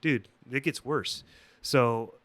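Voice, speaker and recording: A man's voice: mid-range voice, slow pace. A man guesting on a podcast, telling a story in casual, rambling, swear-heavy talk. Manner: profane, rambling, animated.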